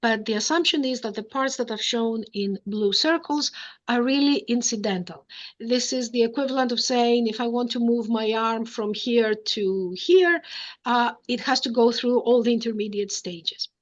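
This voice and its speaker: A woman lecturing at a patient, explanatory pace, her voice sitting a touch high. She checks in often with short questions to her listeners. The recording is dull and lo-fi. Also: normal speed. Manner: explanatory, checks in with "right?" and "okay?". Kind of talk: academic lecture.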